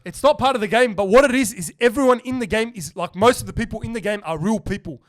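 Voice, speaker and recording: A man's voice: high-pitched, quick pace. A young man, hosting a casual podcast and telling stories animatedly, acting out other people's lines and swearing freely. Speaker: podcast host.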